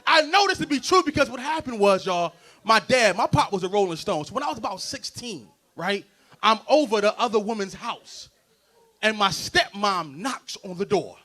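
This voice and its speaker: Loud, animated stand-up comedian man. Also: high voice, moderate pace. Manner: loud, animated crowd work with frequent laughs. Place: stage before a live audience.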